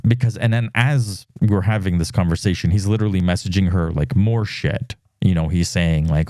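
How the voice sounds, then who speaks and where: A man's voice: deep voice, moderate pace, few pauses, no room sound, studio quality. A podcast host, a man, tells a dating story in a casual monologue, acting out quoted messages with plenty of fillers. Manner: animated storytelling, acts out quoted texts; frequent fillers.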